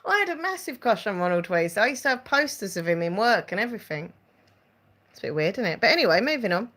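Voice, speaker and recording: A woman's voice: medium pitch, very animated, quick pace, fairly bright tone. A woman hosting a casual live-stream chat, giggling often and reading out viewer comments. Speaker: channel host chatting with live viewers.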